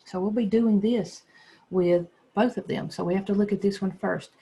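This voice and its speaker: Teacher for a phonics lesson, mid-pitched, gravelly edge, spells letters aloud patiently. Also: fairly even intonation, dark tone. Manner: patient, sounds words out slowly and spells letters. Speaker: second grade teacher. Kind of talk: phonics lesson for young children.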